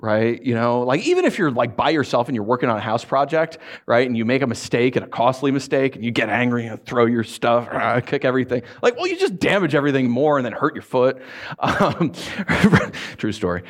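A man preaching a sermon, telling stories in an animated way, acting out voices and laughing often. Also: medium pitch, fairly quick. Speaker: pastor.

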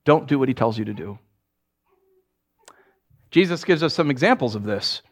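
A man, a pastor preaching a sermon with humorous asides and a conversational, animated delivery. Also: medium pitch, normal speed.

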